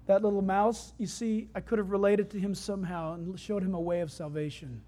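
A preacher tells homely stories during a sermon, speaking conversationally at a medium pitch and a slightly quick pace. He swings between loud, excited stretches and hushed, quiet moments.

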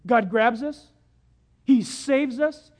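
A preacher giving a sermon, telling stories with animation and swinging from loud to hushed. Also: medium pitch, slow.

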